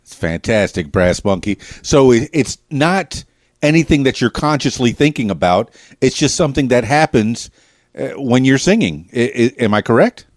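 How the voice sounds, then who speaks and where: A man's voice: medium pitch, lively intonation, moderate pace, no room sound. A male podcast host with a mid-range voice who asks long, winding questions with open enthusiasm. His voice sounds close and dry, with no room around it. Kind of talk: casual interview.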